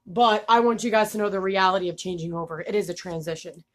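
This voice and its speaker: A woman's voice: mid-range voice, fast. Candid woman vlogger with a slight lisp. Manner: candid, laughing, swears freely. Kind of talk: casual vlog talk.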